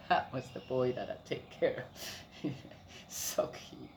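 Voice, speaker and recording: A woman's voice: very deep voice, big pitch swings, takes it slowly, creaky, pauses often, a little hiss or hum. An older woman and grandmother chatting casually, telling family stories in a rambling way with fillers. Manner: rambling, warm storytelling with laughs and repeated fillers. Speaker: grandmother sharing family life. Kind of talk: casual personal chat.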